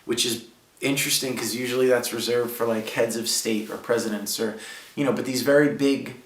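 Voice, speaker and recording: A man's voice: medium pitch, steady tone, fairly quick, recorded from a distance. A man in his thirties from Brooklyn, New York, a musician telling personal stories in a casual, heartfelt way. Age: 30s. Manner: casual, heartfelt, heavy use of "like". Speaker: musician guest. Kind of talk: reflective personal storytelling. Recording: roomy sound, speaker away from mic.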